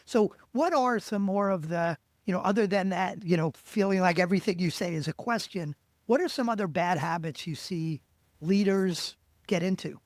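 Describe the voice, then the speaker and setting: A man's voice: sits high, normal speed, no echo, clean studio sound. A man hosting a podcast interview, asking questions in a conversational way and sometimes searching for words. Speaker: podcast host.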